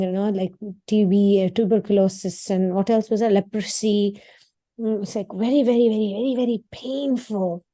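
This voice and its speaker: A woman teaching a scripture class in a chatty, lively way, often asking "right?". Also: medium pitch.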